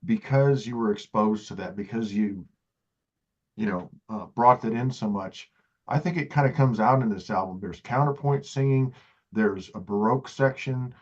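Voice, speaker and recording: A man's voice: fairly low pitch, normal speed, lo-fi sound. A man hosting an interview, earnest and enthusiastic, restarting phrases as he builds his point. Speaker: interview host. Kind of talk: casual interview chat.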